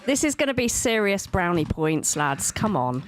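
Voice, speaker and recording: Radio co-host: woman, mid-pitched, chatty and coaxing toward listeners. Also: big pitch swings, normal speed, slight background noise. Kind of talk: casual radio chat.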